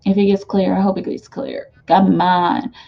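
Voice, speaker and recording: A woman giving a casual tarot card reading, rambling and animated, with many fillers and laughs. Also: mid-range voice, normal speed, gravelly, muffled recording.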